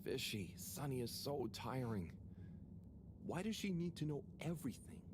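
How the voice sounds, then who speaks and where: An actor playing a shy, tired young man who mutters to himself and talks to his pet fish in soft, half-whispered asides, in a video game. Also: mid-range voice, big pitch swings, moderate pace, noisy background, lightly acted. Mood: muttering. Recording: game audio with ambience.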